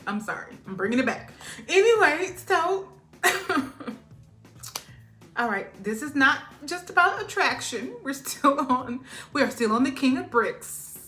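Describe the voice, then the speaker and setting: A woman giving a casual spiritual reading who laughs often, acts out quotes loudly and keeps asking "all right?". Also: high-pitched, roomy sound. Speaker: tarot reader.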